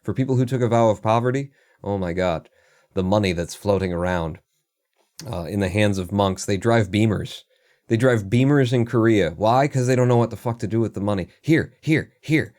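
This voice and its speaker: A man's voice: on the low side, brisk, darkish tone. A man livestreaming, rambling through casual commentary in a sardonic and profane way. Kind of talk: casual live-stream commentary.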